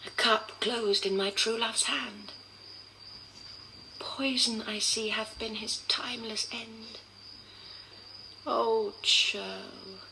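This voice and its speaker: An actress playing a desperate, tender young noblewoman in Shakespearean verse, speaking in a hushed voice. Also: a little high, creaky, background noise. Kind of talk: Shakespearean stage acting.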